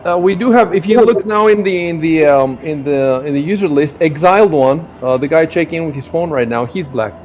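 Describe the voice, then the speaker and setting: A man hosting a live game stream in casual chat, rambling and halting, with frequent restarts. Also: a little high, darkish tone, dull audio, slight background noise. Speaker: stream host.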